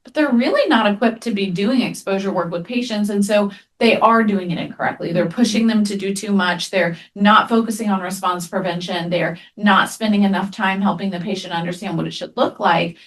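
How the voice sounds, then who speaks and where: A woman therapist presenting a webinar in a conversational way. She tells lively anecdotes and often adds "right?" as she talks. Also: mid-range voice, brisk, hardly any pauses. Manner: animated storyteller, frequent "right?" tag questions.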